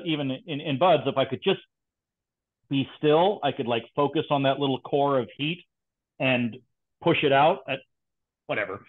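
A man casually telling stories from his training days, with dry, teasing banter. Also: medium pitch. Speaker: former SEAL guest. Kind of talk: casual storytelling chat. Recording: tinny phone-like line.

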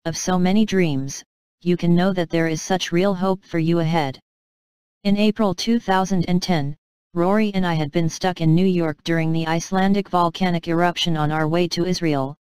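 A woman author reading her own devotional book aloud in an earnest, measured, heartfelt manner. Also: fairly low pitch, a little mellow, clean tone, dry recording, poor audio. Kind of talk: devotional audiobook narration.

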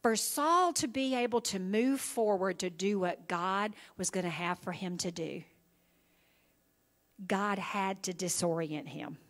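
A woman's voice: medium pitch, unhurried. A woman pastor preaching an evening sermon in a conversational style, often checking in with her listeners. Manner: conversational preaching with frequent "okay?" and "right?" check-ins. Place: church sanctuary.

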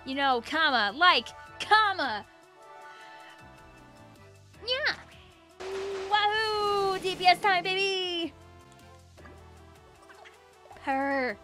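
A woman hosting a gaming channel, giving excitable, joking let's-play commentary and talking to the characters on screen. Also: very high-pitched, extremely slow, long pauses, faint music behind.

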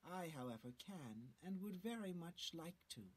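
A woman's voice: lowish voice, lively intonation, normal speed, slightly rough. An actress playing a scheming female mage in a fantasy game, haughty and conspiratorial.

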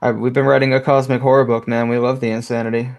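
Creaky-voiced relaxed man designer guest. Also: medium pitch, quick pace, lo-fi sound. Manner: relaxed, easygoing explaining. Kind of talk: casual interview chat. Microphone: video call.

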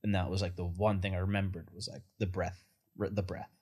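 A man's voice: sits low, little pitch movement, brisk, a little mellow, slightly rough. A man hosting a podcast, telling stories casually with slang and frequent laughter. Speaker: podcast host. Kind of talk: casual conversation.

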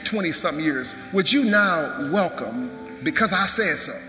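Man, pastor, preaching, high voice, echoey hall, music behind. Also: lively intonation, normal speed, pushed and bright. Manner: preaching, urging the crowd to clap. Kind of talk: sermon. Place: large church sanctuary.

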